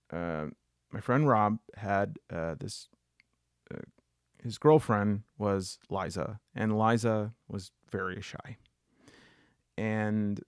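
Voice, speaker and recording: A man telling a story in a casual monologue, joking as he goes and climbing to a high, excited pitch when he gets worked up. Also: no echo, studio quality. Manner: jokey asides, many fillers. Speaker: solo video essayist.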